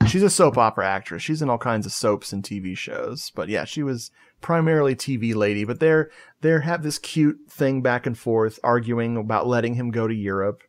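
A man hosting a relaxed movie podcast, his voice sitting in a middle register. He recaps the plot in a loose, chatty way and breaks into laughter often. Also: mid-range voice, normal speed, hardly any pauses. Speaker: podcast host. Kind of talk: casual movie review chat.

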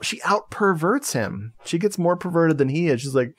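A man's voice: on the high side, huge pitch swings, unhurried, gravelly, hardly any pauses. A man hosting a casual movie review podcast, telling the plot in a chatty way and laughing often. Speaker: podcast host.

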